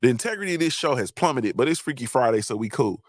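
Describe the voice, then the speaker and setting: A man's voice: medium pitch, expressive, quick pace, no echo, studio quality. A man hosting a live online show, ranting in a casual, profane, repetitive way. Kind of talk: casual comedic rant.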